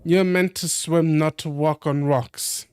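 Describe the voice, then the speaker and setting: A man reading out a young male furry character from a visual novel in a low-key, understated way. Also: fairly even intonation, slow, a little mellow, clear, resonant tone, no echo. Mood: teasing.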